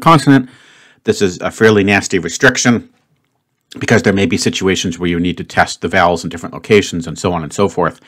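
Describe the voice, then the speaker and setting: A man's voice: lowish voice, a bit bright. A man casually talking through a word puzzle as the host of his video, chatty and upbeat, thinking aloud with lots of fillers. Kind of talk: casual commentary while solving a puzzle.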